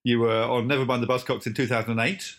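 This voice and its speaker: Man, podcast host, rapid talk, teasing, playful, remote call from home. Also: mid-range voice, level tone, fairly bright tone. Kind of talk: casual chat.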